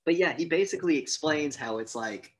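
A man's voice: a little high, brisk. A man co-hosting a podcast, animatedly retelling a film's scenes in casual, profane chat. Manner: animated retelling with acted-out quotes, swears freely. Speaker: podcast co-host. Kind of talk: casual movie review chat.

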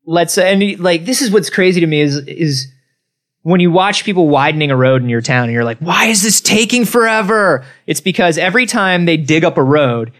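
A man's voice: a little high, animated, a little fast. A man co-hosting a casual comedy podcast, throwing in dry, sarcastic quips. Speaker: podcast co-host.

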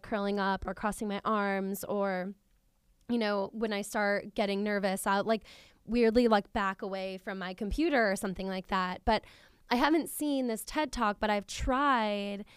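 A woman hosting a casual podcast conversation, chatty and quick to laugh. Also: medium pitch, smooth, dry recording, studio quality.

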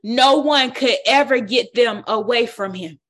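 A woman leading a Bible study, preaching with a lively exhorting style and colloquial speech. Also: on the high side, unhurried. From United States. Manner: exhorting, call-and-response, colloquial.

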